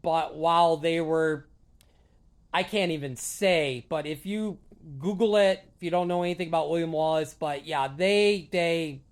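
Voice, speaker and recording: Slow, rambling, hesitant vlogger. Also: medium pitch. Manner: rambling and hesitant, many fillers and restarts; earnest, openly emotional about films. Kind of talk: casual solo chat to camera.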